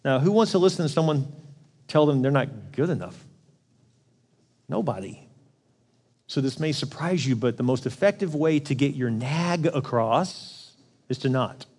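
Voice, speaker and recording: A man's voice: medium pitch, animated, normal speed, pauses often, darkish tone, long reverb tail. A middle-aged man preaching a sermon as pastor, conversational and often acting out quoted voices.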